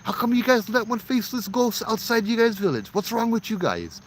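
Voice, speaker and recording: A man's voice: sits high, very animated, a little fast, slight background noise, pitched above the performer's own voice. A man voicing an angry traveling merchant who scolds villagers in a Hawaiian accent. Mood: scolding.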